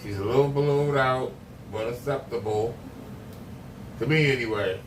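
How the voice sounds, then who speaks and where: A man's voice: medium pitch, normal speed. Blunt opinionated man commentator. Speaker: stream commentator. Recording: roomy, distant, faint noise.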